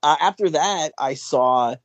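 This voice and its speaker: Animated man telling wrestling-fan stories. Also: fairly high pitch, unhurried, dry recording, dull audio. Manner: animated storyteller, laughs often, swears freely. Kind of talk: casual chat.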